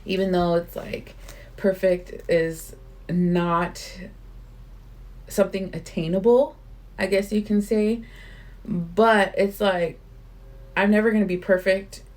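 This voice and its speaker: Woman reading a spiritual book out loud, keeps stopping to chat about it, earnest and casual, swears a bit. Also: medium pitch, steady tone, slow pace, pauses often. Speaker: channel host reading a book aloud. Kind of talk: reading a spiritual book aloud with chatty commentary.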